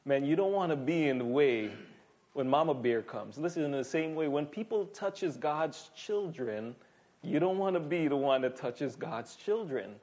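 Fairly high-voiced man preaching a sermon. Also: expressive, moderate pace, darkish tone. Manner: emphatic, conversational preaching with repeated calls to listen. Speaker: pastor.

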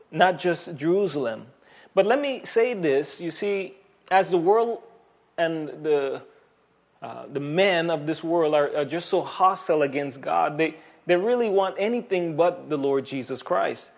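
A man's voice: fairly high pitch, expressive, measured pace, vocal fry, darkish tone. A man preaching a Bible sermon in a conversational way, with frequent restarts and fillers. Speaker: pastor.

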